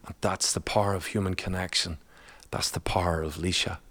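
Chatty man, lowish voice. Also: fairly even intonation, a little fast, fairly bright tone. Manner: chatty, laughs often, colloquial. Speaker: guest, father. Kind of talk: personal storytelling in conversation.

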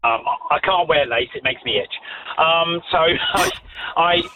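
A man's voice: on the high side, measured pace. A man from the UK telling a rambling, self-deprecating story in casual chat, with frequent giggles. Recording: tinny phone-like line, faint noise.

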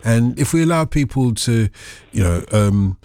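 A man's voice: medium pitch, expressive, a little slow, creaky, a little mellow, no room sound. A man from Liverpool with a Liverpool accent, hosting a casual radio phone-in in a jokey, playful way. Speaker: radio host.

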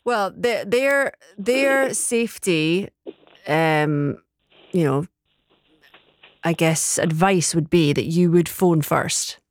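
Welsh woman radio host, lowish voice. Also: slow pace, dry recording. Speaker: radio presenter. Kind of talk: radio phone-in chat.

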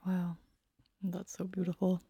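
Gentle woman interviewer. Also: on the low side, monotone, a little slow, slightly rough, no echo, studio quality. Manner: gentle, encouraging listener. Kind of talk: interview questions.

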